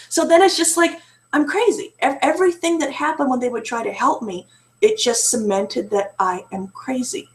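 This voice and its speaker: A woman with a high voice tells her own story in personal testimony. She speaks with raw emotion, often repeating and restarting her phrases as she searches for the words. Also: normal speed, reverberant. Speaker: guest sharing her story. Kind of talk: personal testimony on a live stream.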